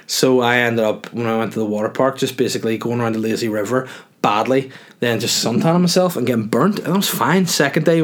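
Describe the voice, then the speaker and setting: A man hosting a podcast, telling a rambling, self-mocking story with jokey asides. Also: mid-range voice. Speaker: podcast host. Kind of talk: casual storytelling monologue.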